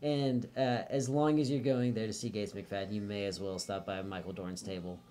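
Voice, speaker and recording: A man's voice: fairly low pitch, steady tone, normal speed, dark tone, slight background noise. A man co-hosting a casual pop-culture podcast, chiming in with dry quips and wry asides. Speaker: podcast co-host.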